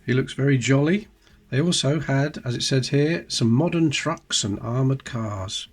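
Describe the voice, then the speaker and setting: A man with a middling voice talks casually through an old magazine, chatty and full of wry asides. Faint music plays softly behind him. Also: medium pitch, measured pace. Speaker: coin-collecting channel host. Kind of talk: casual show-and-tell commentary.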